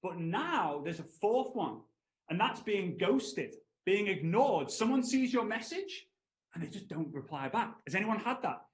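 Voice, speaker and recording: A man, giving an energetic storytelling training talk to an audience he keeps calling on. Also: high voice, unhurried. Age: 30s. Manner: energetic, animated, asks the audience to respond. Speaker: network marketing trainer. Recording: roomy echo.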